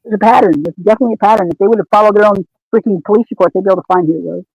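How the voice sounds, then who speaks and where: A man's voice: high-pitched, racing, vocal fry, darkish tone, slightly rough, no room sound, rough recording. A man who is a guest on a casual true-crime discussion, talking in an emphatic, indignant way. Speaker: podcast guest.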